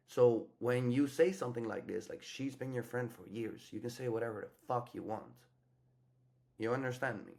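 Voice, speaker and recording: A man talking through dating advice in a loose, unscripted coaching style. He is blunt and profane, and he slips into quick acted snippets of what to say. His voice sits at an ordinary middle pitch. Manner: blunt, profane, acts out example lines. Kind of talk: casual coaching monologue.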